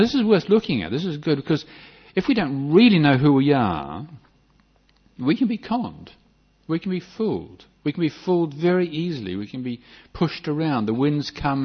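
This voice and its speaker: A man's voice: mid-range voice, husky. An older man, a Buddhist monk giving a reflective dharma talk with frequent restarts and light humor. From New Zealand. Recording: dull lo-fi recording.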